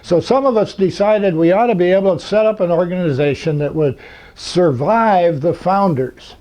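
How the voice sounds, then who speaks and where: In a lecture hall, an older man with a high, slightly mellow voice gives an anecdotal convention talk at a moderate pace. His delivery rambles with fillers and dry humor, heard through a muffled lo-fi recording.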